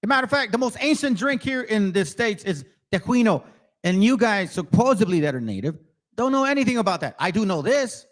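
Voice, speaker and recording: A man with a high voice, wide swings in pitch and a slightly quick delivery runs his own channel. His religious commentary is combative: he ridicules and confronts viewers directly, pausing between remarks to read passages aloud.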